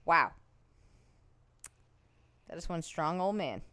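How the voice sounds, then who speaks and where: A woman's voice: lowish voice, lively intonation, slow, sharp tone, clean tone, no echo. A woman co-hosting a casual podcast, reading news headlines aloud and reacting with short laughs. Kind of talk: casual chat.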